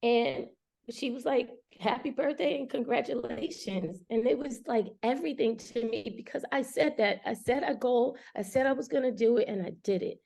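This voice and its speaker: As a guest in a conversational interview, a restaurant owner in her forties speaks candidly and from the heart, using casual slang. Her voice is on the high side, gravelly, and a little mellow, at a normal speed.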